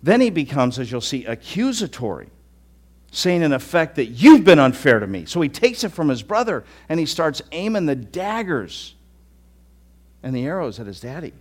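Preaching to a live congregation in a church hall, a middle-aged pastor talks conversationally at normal speed, often repeating and restarting words. His voice is a little high and sing-song.

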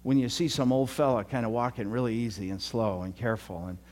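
An older pastor delivers a sermon in a relaxed, folksy way, often restarting his sentences. His voice sits in a middle range for a man. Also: medium pitch, quick pace. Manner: conversational, folksy, with repeated restarts and joking asides.

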